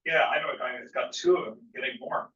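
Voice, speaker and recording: A man chatting in a study group, rambling with lots of fillers. His voice is bright and forward but sits back from the mic in an echoey room. The sound is dull and lo-fi. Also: medium pitch, fast. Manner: rambling, lots of "you know" and "it's like". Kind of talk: casual group discussion. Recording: roomy, distant, lo-fi sound.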